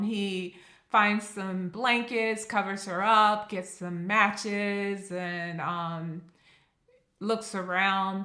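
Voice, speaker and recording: Animated woman host recapping episodes, slow delivery, roomy echo. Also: fairly high pitch. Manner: animated, acts out characters' lines. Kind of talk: casual recap narration.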